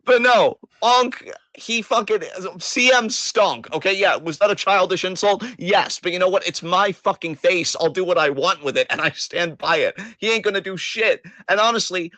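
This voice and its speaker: A man's voice: sits high, normal speed, bright, forceful tone, no room sound. A man hosting a casual podcast chat, joking, laughing and swearing casually. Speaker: host.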